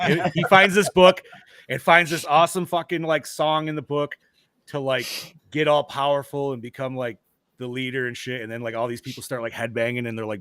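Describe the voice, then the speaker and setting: A man hosting a casual horror movie podcast, excitable, swearing a lot and laughing often. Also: mid-range voice, no room sound, studio quality. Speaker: podcast host.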